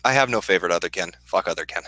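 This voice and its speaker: A man with a Midwestern accent, hosting a casual livestream and answering chat questions in a profane, deadpan, sardonic way. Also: deep voice, very fast, no echo, low-quality recording. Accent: Midwestern American.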